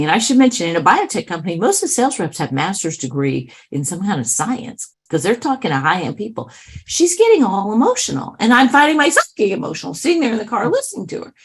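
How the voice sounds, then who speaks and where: A woman author and speaker telling a story in a lively, conversational interview, with asides to her listeners. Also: medium pitch, husky.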